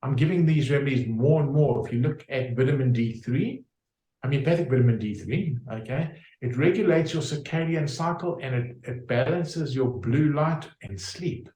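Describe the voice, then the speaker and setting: A man's voice: medium pitch, moderate pace, mellow, roomy sound, poor audio. A man explaining his homeopathic practice in an interview, using homely examples with frequent fillers and restarts. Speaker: homeopath guest.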